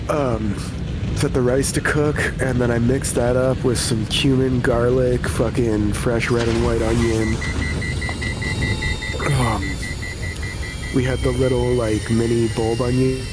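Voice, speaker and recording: A man's voice: mid-range voice, very noisy. A man in casual gaming voice chat, rambling and teasing his friends, swearing freely. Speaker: streamer in voice chat.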